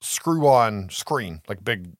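Animated man recapping a movie. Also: fairly low pitch, takes it slowly, no echo, studio quality. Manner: animated storytelling, laughs often, profanity. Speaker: podcast co-host.

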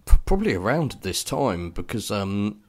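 This man co-hosts a podcast, chatting casually and rambling with plenty of fillers and restarts. His voice sits on the low side, a little mellow, with big swings in pitch and a normal speaking speed.

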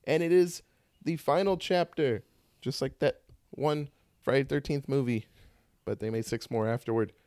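A man hosting a casual horror-movie podcast, animated and joking. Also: medium pitch, normal speed, no echo, studio quality. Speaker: podcast host.

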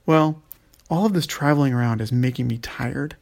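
A man's voice: mid-range voice, normal speed, gravelly, a little mellow, close to an everyday voice. Man reading a sly tricky elf woman.

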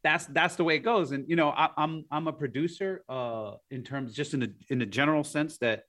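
A man as an interview guest, telling stories in a rambling, animated way with frequent laughs and fillers. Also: on the high side, a little fast. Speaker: guest, art collector. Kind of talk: casual interview storytelling.

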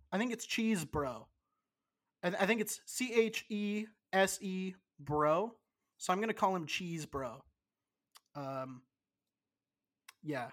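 A man's voice: fairly high pitch, fairly bright tone. Tipsy man rambling with stumbling restarts. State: tipsy from drinking. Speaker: podcast co-host. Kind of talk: casual podcast banter.

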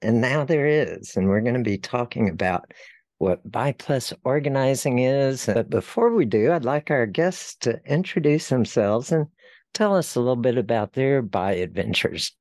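Brief: animated host voice, dry sound, upbeat welcome. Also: mid-range voice, normal speed, no echo. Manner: upbeat, excited. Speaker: podcast host. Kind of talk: casual podcast hosting.

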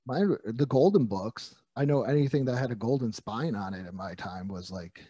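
Dark-voiced man chatting casually. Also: mid-range voice, lively intonation, moderate pace, breathy edge, dry recording. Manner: rambling, self-correcting, jokey storyteller. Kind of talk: casual chat.

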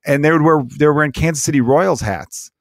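Casual dude rambling and swearing on a podcast, dry close mic. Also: male voice, fairly high pitch, quick pace, no room sound. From Chicago's South Side, USA. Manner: rambling, profane, acts out quotes in voices. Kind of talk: casual comedic chat.

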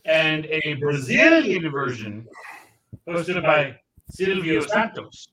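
A man's voice: on the high side, big pitch swings, slow, crowd noise, rough recording. A man co-hosting a podcast in casual chat, playful and mock-formal. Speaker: podcast co-host.

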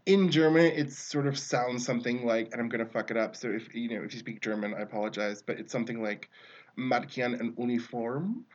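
A man's voice: medium pitch, steady tone, fast talker, few pauses, lo-fi sound. Rambling man reviewing films. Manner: rambling, self-interrupting, laughs mid-sentence. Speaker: film reviewer. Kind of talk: casual film review monologue.

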